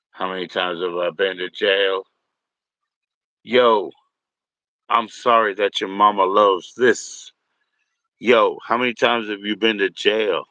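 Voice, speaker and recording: A man's voice: fairly low pitch, fairly even intonation, slow pace, long pauses, bright, forceful tone, no room sound, muffled recording. A man hosting a casual livestream from home, rambling, swearing and mocking trolls in chat. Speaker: livestream host.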